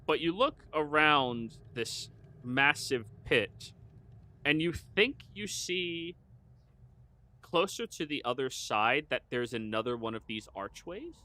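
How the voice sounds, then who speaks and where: A man with a bright, forward voice narrates a tabletop game as its dungeon master. He describes the scene in a halting, searching way, pitched in the middle range for a man. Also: expressive.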